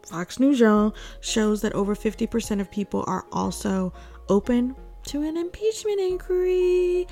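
A woman's voice: fairly high pitch, gravelly, warm tone. A woman hosting a casual political commentary, outspoken and emphatic, breaking into laughing asides.

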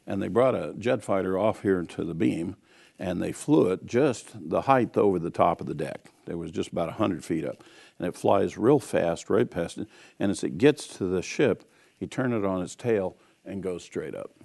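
A man's voice: deep voice, creaky, a little mellow. A man preaching a sermon, telling a personal story and exhorting his listeners in an earnest storytelling way.

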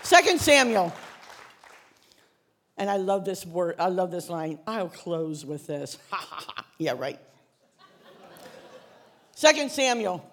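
A woman pastor preaching a sermon, telling a story with lively, casual acted-out dialogue. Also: fairly low pitch, takes it slowly, pauses often, some chatter behind. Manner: animated storytelling, acts out biblical characters in casual modern speech.

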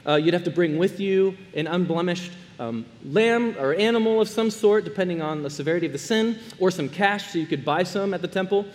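A man preaching a sermon as a pastor, earnest, dropping to hushed tones and then rising to emphatic ones. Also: high voice, fairly quick, few pauses, big-room sound. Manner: earnest, swings between soft hushed lines and raised emphatic ones.

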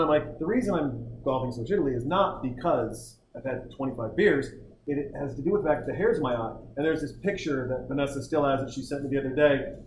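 A man's voice: medium pitch, roomy sound, slight background noise, rough recording. A man hosting a podcast, telling rambling, jokey stories in casual group chat. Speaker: podcast host.

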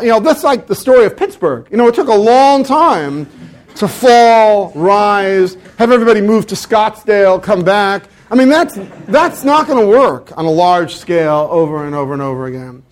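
High-voiced wry male law lecturer. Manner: wry, self-mocking humor; animated, fond of mock dialogue. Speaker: law professor giving a lecture. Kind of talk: academic lecture with Q&A. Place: university lecture hall.

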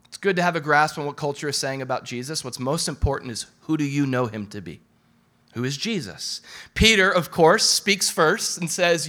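Animated preaching man, slightly high voice. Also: moderate pace. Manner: animated preaching, repeats phrases for emphasis, casual asides. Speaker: pastor. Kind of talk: sermon.

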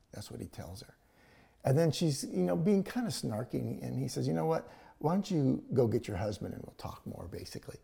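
A man's voice: medium pitch, animated, a little fast, creaky, warm tone. A man preaching a sermon, retelling a scripture story in a conversational way with paraphrased dialogue.

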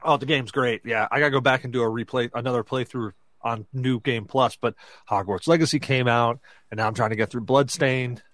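This man, a podcast co-host, tells a personal story with lively drama and frequent fillers like "like." His medium-pitched voice runs a little fast, and the recording is dry.

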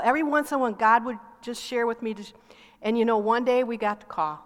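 A woman's voice: fairly high pitch, fast, a bit bright. A middle-aged woman co-pastor sharing a testimony in a sermon, telling stories and acting out quoted talk. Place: church sanctuary. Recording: long reverb of a large hall.

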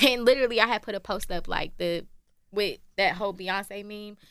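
A podcast co-host with a mid-range voice speaks at a moderate pace, her tone clean in a studio-quality recording with no room sound. In a casual chat she tells stories full of laughter, acting out what other people said.

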